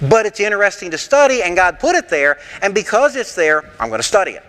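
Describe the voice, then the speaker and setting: A man leading an interactive sermon class, animated and rhetorical with a sarcastic streak, taking questions from the room in a church. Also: high-pitched, fast talker, smooth, in a large hall. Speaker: pastor teaching a Bible class.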